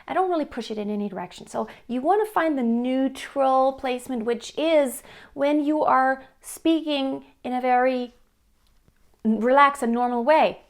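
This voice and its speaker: In this singing lesson, the female vocal coach speaks in a light, high voice. She lays out every point in plain terms, then illustrates it with brief sung examples.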